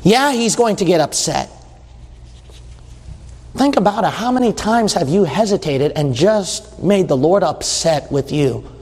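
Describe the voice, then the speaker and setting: High-voiced preacher in a reverberant hall. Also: male voice, lively intonation, a little mellow, breathy edge. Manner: emphatic, asks the listeners questions; shifts between slow stresses and quick bursts. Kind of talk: sermon. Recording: long reverb of a large hall.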